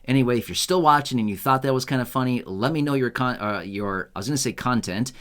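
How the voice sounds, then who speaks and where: A man's voice: mid-range voice, fast talker, a bit bright, smooth. A young man from the United States, hosting a casual unscripted video in a rambling, self-mocking way and laughing often. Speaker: YouTube host.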